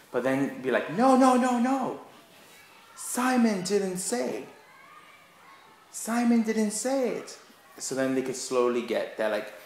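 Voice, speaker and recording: A man teaching in a casual tutorial vlog, animated and chatty as he walks through a game for kids. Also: medium pitch, a little hiss or hum. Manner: animated, acts out kids' voices. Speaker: English teaching assistant. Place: school classroom. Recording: roomy classroom echo.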